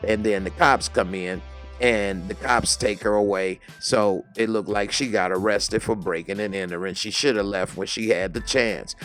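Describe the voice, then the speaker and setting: A man giving a casual, slangy recap of a TV episode and quoting the characters as he goes. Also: fairly low pitch. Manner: slangy, lively retelling with quoted lines. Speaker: TV recap reviewer.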